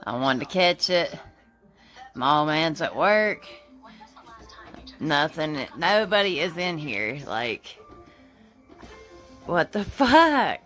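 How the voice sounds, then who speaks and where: A woman's voice: sits low, lively intonation, takes it slowly, pauses often, a bit bright, faint music behind. Frantic woman filming on her phone. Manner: frantic, rambling, swears a lot. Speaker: home video filmer. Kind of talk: handheld phone video. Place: inside her house. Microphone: phone held in hand.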